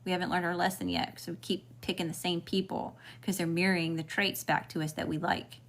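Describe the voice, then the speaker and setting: A woman's voice: on the low side, flat delivery, brisk, a little hiss or hum. A woman with a Southern US accent giving a casual spiritual reading as a tarot reader, talking frankly and swearing freely with chatty asides.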